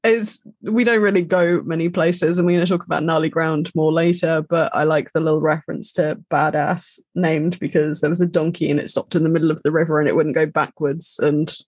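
A woman's voice: low voice, steady tone, fairly quick, few pauses, a little mellow, breathy edge, no echo. A woman co-hosting a podcast, trading wry, teasing banter in casual chat. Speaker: podcast co-host.

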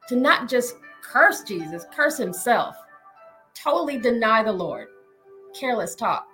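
A woman's voice: fairly high pitch, sharp tone, poor audio. A woman hosting a podcast, teaching scripture in a casual, chatty way, often laughing and checking in with listeners. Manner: chatty, laughs often, keeps asking "right?". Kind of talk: informal Bible teaching. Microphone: screen-sharing from a computer.

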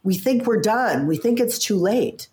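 A woman in her fifties, a guest on a podcast interview, talking in an animated, casual way, often stumbling on the first words of a sentence. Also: mid-range voice, a little slow. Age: 50s. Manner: animated, stammers at starts, acts out quoted voices. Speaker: podcast guest, coach and author.

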